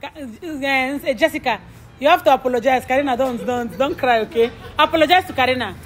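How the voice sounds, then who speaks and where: A woman's voice: high voice, brisk. A woman playing a mother in a family comedy skit, scolding her daughter while laughing often and repeating herself.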